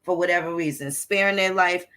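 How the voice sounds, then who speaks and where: A woman's voice: fairly low pitch, a little fast, fairly bright tone. A woman hosting a casual history talk, walking through old records in a blunt, profane, conversational way. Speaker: history channel host. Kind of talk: casual lecture over on-screen records.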